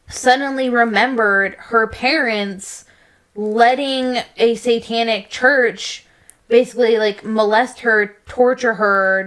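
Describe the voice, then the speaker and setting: Casual podcast co-host, woman, higher-pitched, slow and emphatic storytelling. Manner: emphatic, heavy use of "like". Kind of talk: casual chat.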